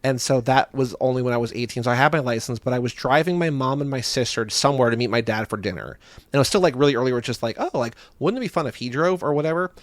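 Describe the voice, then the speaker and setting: Fast-talking young podcast man. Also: medium pitch, dry recording. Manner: rambling with many "like" fillers. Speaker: podcast co-host. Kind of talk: casual chat.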